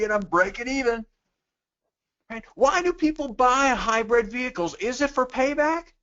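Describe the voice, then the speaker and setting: A man's voice: very high-pitched, a bit bright, highs cut off. A man giving a sales training webinar in a conversational way, tossing out rhetorical questions and acting out customers in quoted voices.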